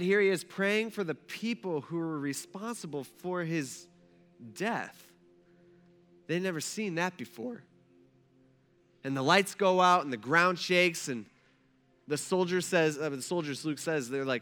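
A man preaching a sermon, moving between hushed storytelling and rising, emphatic passages. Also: on the high side, in a large hall. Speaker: pastor.

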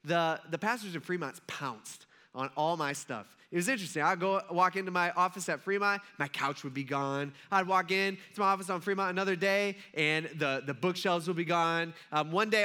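Brief: male pastor, high and bright voice, chatty and funny as he preaches. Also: smooth. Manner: conversational, humorous storytelling. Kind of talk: sermon.

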